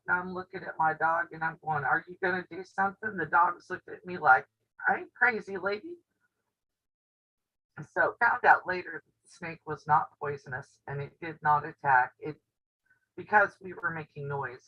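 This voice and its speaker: A woman's voice: low-pitched, normal speed. A woman with a drawl chats through a casual live stream from home, spinning stories and laughing often. Her voice reaches the camera on the table with a dull, lo-fi sound. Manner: chatty storyteller who laughs often. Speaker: quilting channel host. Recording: dull lo-fi audio.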